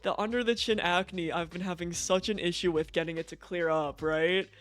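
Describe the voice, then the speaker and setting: High-voiced man streamer chatting casually. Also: fairly even intonation, moderate pace, fairly bright tone. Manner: casual and profane, chatty, laughs often. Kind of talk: casual live-stream chat. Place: home.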